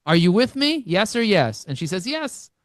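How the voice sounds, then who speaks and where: A man speaking as an interview guest, telling energetic stories and acting out both sides of conversations. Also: sits high, normal speed, no echo. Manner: animated, acts out dialogue with shifting voices. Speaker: podcast guest, marketing expert.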